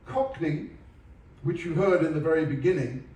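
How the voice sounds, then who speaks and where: A man's voice: on the high side, normal speed, a little mellow. A man giving a humorous presentation to an audience, making dry, wry asides. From England. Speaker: onboard lecturer. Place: large ship theatre. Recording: echoey hall from far off.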